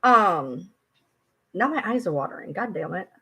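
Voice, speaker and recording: A woman chatting casually on a livestream, animated, swearing freely and often breaking into laughter as she talks back to viewers. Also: fairly low pitch, moderate pace, husky. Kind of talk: casual live commentary.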